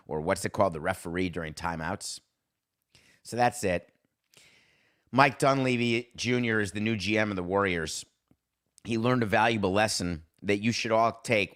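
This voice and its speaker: A sports podcast host talking in a fairly low male voice. He rants with sarcasm and heat, and his delivery stays animated and opinionated throughout.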